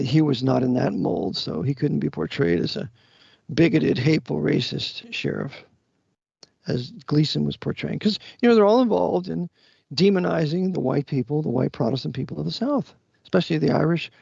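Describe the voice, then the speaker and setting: A man with a rough, gravelly, husky voice, a little higher than most. He hosts a casual chat and makes blunt, preachy remarks. The audio is dry and dull, like lo-fi call sound. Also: animated, moderate pace, darkish tone, no room sound. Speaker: host.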